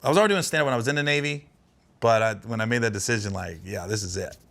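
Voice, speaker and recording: A man from Ohio, a stand-up comedian telling stories as a podcast guest, animated and laughing as he talks. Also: medium pitch, very fast. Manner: animated storyteller, laughing through anecdotes. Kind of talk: casual podcast chat.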